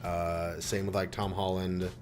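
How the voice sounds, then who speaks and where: A man's voice: low-pitched, level tone, measured pace, soft background music. A man co-hosting a casual podcast, joking with crude asides. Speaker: podcast co-host. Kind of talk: casual chat.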